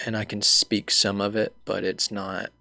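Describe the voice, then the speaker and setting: A young man from Alabama hosts a relaxed chat in a Southern accent, his low voice gravelly and creaky. He tells stories animatedly and acts out the people he quotes. The sound is dry and close, with no room echo. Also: moderate pace. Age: young adult. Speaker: podcast host. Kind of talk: casual interview chat.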